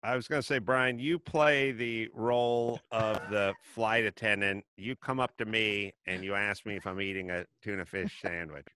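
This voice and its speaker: A man's voice: fairly low pitch, steady tone, moderate pace, hardly any pauses, pushed and bright, clean tone, no echo. A man hosting a podcast in casual chat, blunt and opinionated with an offhand delivery. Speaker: podcast host.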